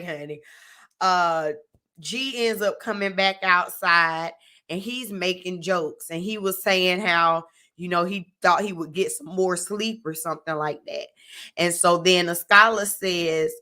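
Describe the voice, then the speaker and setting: Young woman, bright voice, chatty live-stream recap host, loose and conversational, keeps checking in with viewers. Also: mid-range voice. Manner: chatty, addresses viewers directly, frequent "like" and "you know what I'm saying".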